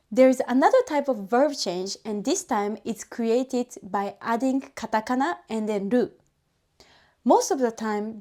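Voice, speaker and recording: Woman teacher, fairly high, mellow voice, patient step-by-step explainer. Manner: patient, methodical explaining with spoken examples. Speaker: language teacher.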